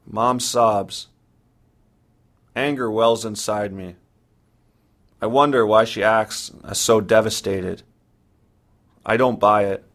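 Slow, low-voiced man reading a sombre story. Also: steady tone, fairly bright tone. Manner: measured, sombre present-tense narration. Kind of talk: first-person story reading.

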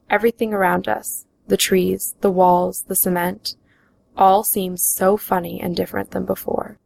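A woman reading her own memoir aloud in the first person, slow and even. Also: mid-range voice, creaky, low-quality recording.

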